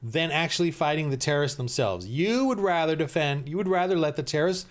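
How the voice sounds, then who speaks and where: A man's voice: a little high, a little fast, hardly any pauses. Rambling man ranting over a clip. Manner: rambling, heated, many restarts. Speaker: Christian commentator. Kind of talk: ranting reaction commentary.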